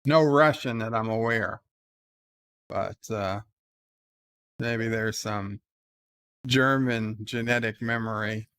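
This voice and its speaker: A man hosting a livestream, reading live chat comments aloud in a laid-back, halting way with frequent "uh"s before each comment. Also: lowish voice, fairly bright tone, smooth. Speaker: livestream host.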